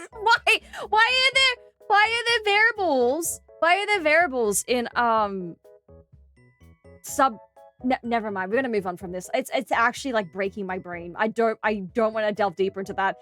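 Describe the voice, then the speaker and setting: A young Australian woman bantering with her live chat, her slightly high voice swooping up and down as she giggles and exclaims. Her delivery is casual and animated, and soft game music plays faintly behind her. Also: moderate pace, pauses often. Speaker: streamer.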